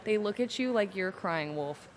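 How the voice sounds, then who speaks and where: A young adult woman, a podcast guest telling her personal story candidly and emotionally, slowing down to hold back tears. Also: medium pitch, animated. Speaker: podcast guest, salon owner.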